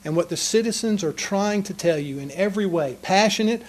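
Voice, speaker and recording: In a council chamber, a man gives an earnest, passionate public comment as a citizen addressing a city council meeting. His voice is high-pitched and a little fast.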